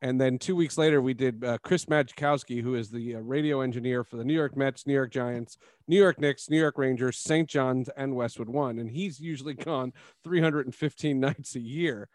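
A man hosting a sports podcast, telling stories in a casual, animated way and laughing often. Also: medium pitch, normal speed, no echo, clean studio sound. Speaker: podcast host.

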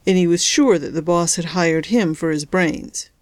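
A woman reads a novel aloud in a steady, measured way. Her voice is on the low side. The recording is dry and close, with no room sound. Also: no room sound. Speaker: audiobook narrator. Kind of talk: scripted narration.

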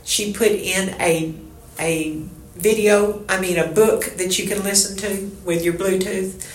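A woman's voice: mid-range voice, steady tone, a little slow. A woman with a Texan accent, telling a rambling personal story in a casual interview. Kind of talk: casual oral history chat. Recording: echoey room.

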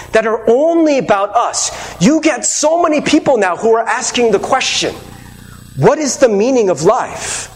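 High-voiced, lively preaching pastor. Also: male voice, in a large hall, a little hiss or hum. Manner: earnest, conversational preaching with rhetorical questions and asides. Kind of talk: sermon.

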